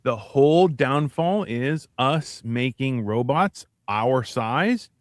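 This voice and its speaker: A man co-hosting a casual, profane podcast chat, rambling and animated, often acting out other people's voices. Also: mid-range voice, slow, no room sound, studio quality. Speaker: podcast co-host.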